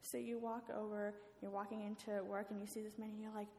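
A woman's voice: mid-range voice, level tone, brisk, darkish tone. A woman telling a story as a sermon in a church, talking casually with filler words. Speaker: guest speaker. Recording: echoey hall with faint ambience.

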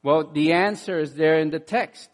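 A man preaching a sermon in an animated way, dropping to quiet asides and rising to loud bursts, often repeating words as he restarts. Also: a little high, normal speed. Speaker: pastor.

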